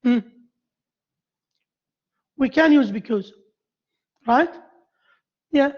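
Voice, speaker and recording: The highs are cut off in this clip of a male university lecturer giving a grammar lesson. Very high-pitched, he falters and repeats phrases as he quizzes the class.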